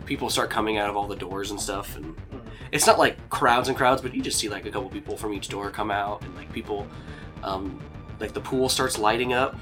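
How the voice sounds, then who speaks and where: A man's voice: lowish voice, a little fast. A young man running a tabletop game, narrating in a rambling, filler-heavy way and chuckling as he goes, with music playing behind. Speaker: game master.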